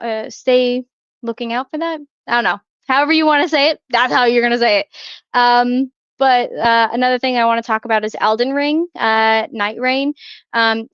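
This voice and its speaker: Chatty woman host, smooth dry voice. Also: on the high side, a bit bright, no room sound, muffled recording. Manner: chatty, many fillers and restarts, laughs often. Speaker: podcast co-host. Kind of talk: casual chat.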